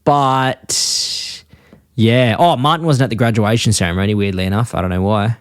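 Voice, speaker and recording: A man co-hosting a podcast in a casual chat, rambling and acting out characters' lines in a high voice. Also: normal speed, clean tone, no room sound, studio quality. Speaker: podcast co-host.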